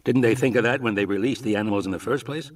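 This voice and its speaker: Man reading a terse, hot-tempered scientist in a storybook, husky, recorded from a step back. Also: medium pitch, recorded from a distance, lightly acted. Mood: questioning. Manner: terse, quick to anger.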